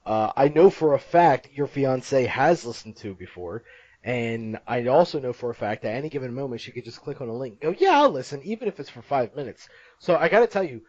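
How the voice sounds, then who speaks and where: A man hosting a casual podcast, talking in long rambling runs and breaking into laughs at his own jokes. His voice sits at an average pitch. The recording is dry and a bit muffled. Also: lively intonation, brisk, a little mellow, no room sound. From Italian-American family. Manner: rambling, laughs often, jokey. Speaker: podcast host.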